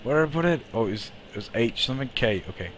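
A man's voice: mid-range voice, animated, very fast, a bit bright, a little hiss or hum. A young man streaming a game live and talking through it, with cocky, boastful banter full of swearing. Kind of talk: live gameplay commentary.

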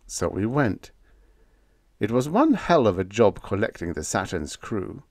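Animated male audiobook narrator. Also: lowish voice, unhurried, no echo, clean studio sound. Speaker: audiobook reader. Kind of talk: scripted narration of a humorous vintage sci-fi story.

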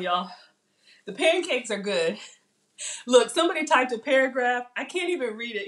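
A woman's voice: fairly high pitch, animated, normal speed, long pauses. A middle-aged woman hosting a live cooking stream in her home kitchen, chatting casually, laughing and reading viewer comments aloud.

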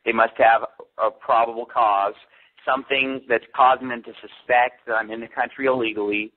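A pastor as a radio interview guest, telling a story in an animated way and quoting the people he met. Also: mid-range voice, moderate pace, slight background noise. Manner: animated storytelling with quoted dialogue. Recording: tinny phone line.

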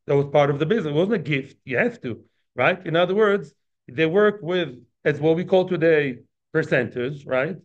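A man's voice: a little high, animated, normal speed, dull audio. A man teaching a daily Talmud class in a conversational lecture style, often asking his listeners questions.

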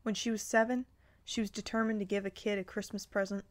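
Woman reading a calm fatherly man, reassuring, storybook voice. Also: mid-range voice, fairly quick, close to an everyday voice.

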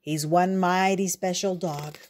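A woman voicing a tired, determined young runaway man, speaking softly and tenderly. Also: fairly low pitch, fairly even intonation, measured pace, close to an everyday voice. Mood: polite.

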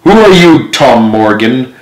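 A man's voice: medium pitch, very animated, unhurried, roomy sound, rough recording. A man reading aloud and voicing a cunning, menacing old one-legged pirate cook who swears sea-dog oaths. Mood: roaring threat. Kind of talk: storybook read-aloud acting.

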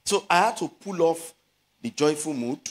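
A middle-aged man with a Nigerian Yoruba accent, preaching a sermon as a pastor, stretching out scripture words and building to loud exhortations. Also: fairly high pitch, expressive. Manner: slows to stress scripture phrases.

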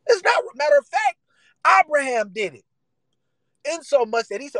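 Man preaching, lively swinging pitch, emphatic, casual vernacular, dry close sound. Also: brisk, dry recording, low-quality recording. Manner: animated, emphatic preaching in casual vernacular, acting out quoted voices. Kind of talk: sermon.

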